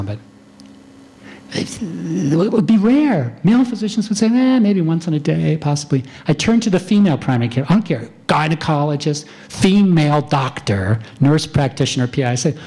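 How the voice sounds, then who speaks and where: A middle-aged man, a physician, giving a talk to clinicians and calmly acting out conversations with patients. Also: on the high side, a little fast. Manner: calm, demonstrating doctor-patient dialogue. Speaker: physician lecturer. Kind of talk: lecture to clinicians.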